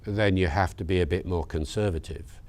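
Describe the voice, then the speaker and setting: A man's voice: low voice, a little fast, darkish tone. An older man speaking to teachers in a conversational lecture, emphatic and full of asides. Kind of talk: lecture-style talk to teachers.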